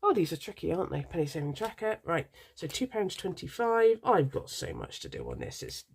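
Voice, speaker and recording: A woman's voice: lowish voice, sing-song, fairly quick, vocal fry, slightly rough. British woman with a stuffy nasal cold. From United Kingdom. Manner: chatty, rambling, apologetic, many ums. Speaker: budgeting vlogger. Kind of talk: casual chat to camera while sorting coins. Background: faint clinking of coins.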